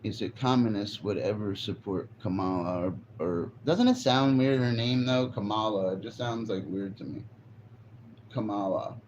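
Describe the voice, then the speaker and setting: A man's voice: lowish voice, normal speed, few pauses, darkish tone. A man chatting casually on a live stream, rambling and swearing as he reacts to chat. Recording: dull lo-fi stream audio with faint noise.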